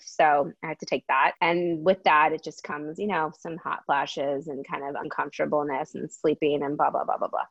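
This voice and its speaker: A middle-aged woman speaking candidly as a guest, with a fairly low voice. The sound is dry and a bit dull, as if through a muffled mic. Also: dry recording. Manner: candid, expressive. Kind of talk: casual chat.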